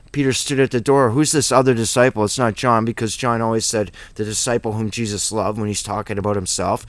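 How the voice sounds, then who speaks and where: A man's voice: mid-range voice, no room sound. A man teaching a Bible study in an informal, rambling, emphatic way, full of asides and rhetorical questions.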